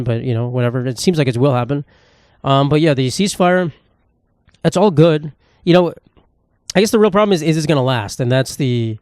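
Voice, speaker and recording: A man's voice: medium pitch, darkish tone, dry recording, clean studio sound. A young man, hosting a solo comedy podcast in a profane, sarcastic, rambling rant. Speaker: podcast host.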